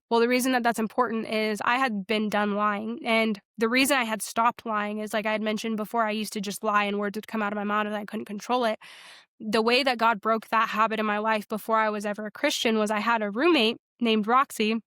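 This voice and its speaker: A young woman with a fairly high voice tells her faith story in a casual podcast. She acts out the dialogue and fills her sentences with "like". The sound is dry and close to the mic. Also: fairly quick, smooth, dry recording. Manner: animated, quotes herself and others in dialogue, frequent "like". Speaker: podcast guest sharing her testimony.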